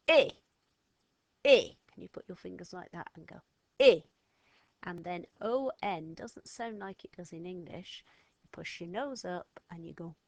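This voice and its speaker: A woman's voice: fairly low pitch, vocal fry, no room sound. A woman teaching a step-by-step lesson to children, patient and encouraging as she gives instructions. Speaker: French teacher.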